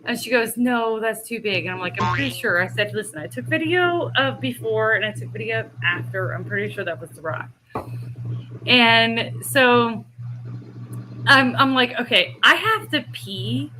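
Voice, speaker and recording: A middle-aged woman telling a story in casual chat, animated and laughing often as she acts out what others said. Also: on the high side, moderate pace, slight background noise.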